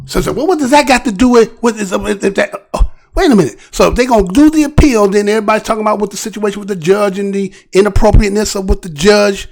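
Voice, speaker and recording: Male show host with a high, gravelly voice, talking through the news in an animated, off-the-cuff way. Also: fast talker. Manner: rhetorical, repeatedly asks "right?"; animated, restarts and trailing phrases. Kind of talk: casual news commentary.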